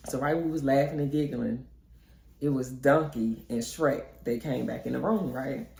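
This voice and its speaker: A young woman vlogger telling a storytime in a chatty, animated way. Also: extremely low pitch, moderate pace, vocal fry, a little hiss or hum. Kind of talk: storytime narration. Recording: echoey room.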